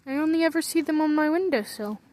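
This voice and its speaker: A woman's voice: high-pitched, fast talker, darkish tone. A woman idly rambling to herself from her bunk bed in her bedroom, drifting from one thought to the next as she talks. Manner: muses aloud to herself, drifts between thoughts. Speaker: vlogger. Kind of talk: casual rambling commentary.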